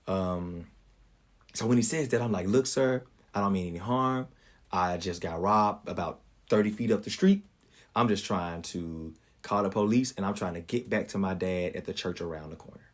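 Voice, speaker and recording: A man's voice: low-pitched, moderate pace. A young man hosting a podcast, telling a personal story in an earnest, preacherly way and calling his listeners y'all. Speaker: podcast host. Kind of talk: storytelling monologue.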